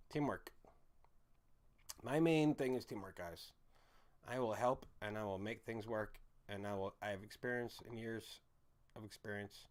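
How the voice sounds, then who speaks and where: A man's voice: fairly low pitch, unhurried, pauses often. A young man streamer chatting casually, rambling, repeating himself and often apologizing.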